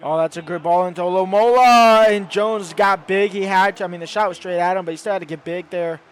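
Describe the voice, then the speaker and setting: A young man giving excitable play-by-play commentary over his own football video game, rising to shouts at goals. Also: high voice, fairly quick, clean tone, soft background music. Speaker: gaming YouTuber.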